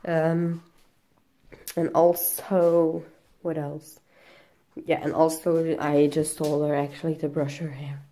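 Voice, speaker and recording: A young woman, vlogging casually in halting English full of fillers, out of breath and coughing. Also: deep voice, level tone, mellow. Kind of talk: casual vlog.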